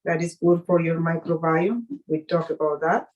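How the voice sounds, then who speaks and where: A woman chef leading a live cooking demonstration, speaking haltingly with fillers and restarts, an English speaker. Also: deep voice, steady tone, darkish tone, highs cut off.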